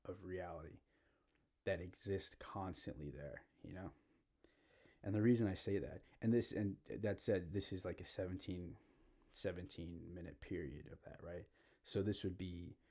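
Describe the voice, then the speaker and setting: A young man hosting his own podcast, rambling in a halting monologue and often repeating himself. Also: deep voice, dark tone. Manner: meandering, halting, repeats himself, frequent "you know" and "like". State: out of breath. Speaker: podcast host.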